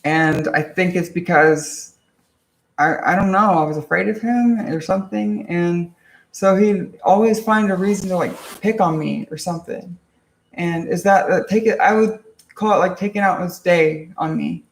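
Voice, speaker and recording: A young man telling a personal story in a casual, halting way, with many restarts, fillers and frequent swearing. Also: high voice, vocal fry, roomy sound. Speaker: vlogger.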